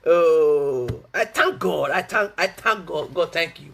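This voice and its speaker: A man's voice: a little high, slow, gravelly, fairly bright tone, slightly rough. A Nigerian man preaching as a pastor, fervent, repeating his phrases and laughing between lines. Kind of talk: preaching a sermon.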